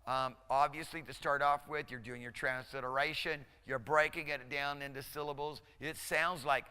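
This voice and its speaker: A male instructor lecturing a class, encouraging and conversational, drilling pronunciation slowly, syllable by syllable. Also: a little high, steady tone, pushed and bright, clear, resonant tone. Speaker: Hebrew instructor. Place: lecture hall. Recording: lecture hall reverb.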